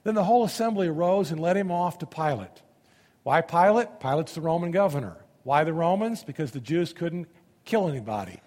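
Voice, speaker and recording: A man preaching a sermon, reading scripture aloud and commenting on it, swinging between loud emphasis and hushed asides. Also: a little high, expressive, brisk, in a large hall.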